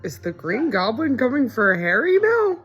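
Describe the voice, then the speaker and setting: A woman's voice: on the high side, big pitch swings, moderate pace, a bit bright, highs cut off, soft background music. A young woman in casual movie reaction commentary, chatty and wry, often incredulous and laughing.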